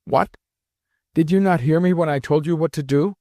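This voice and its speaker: A man's voice: medium pitch, normal speed, mellow, no echo, clean studio sound, natural voice. A man voicing a proud, stern old grandmother who scolds her grandson with emphatic, imperious words.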